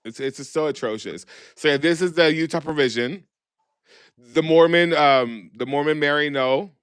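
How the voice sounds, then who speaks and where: A man's voice: on the high side, normal speed, fairly bright tone, clear, resonant tone, no echo. A man co-hosting a casual chat show, sassy and gossipy, swearing freely as he runs through rule changes. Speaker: podcast co-host.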